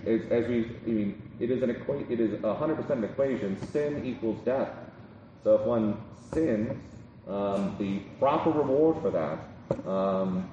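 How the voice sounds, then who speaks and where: A man's voice: medium pitch, highs cut off, noisy background. A man preaching a sermon in a conversational way, with many ums, restarts and repeated "right?". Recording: roomy hall from a distance.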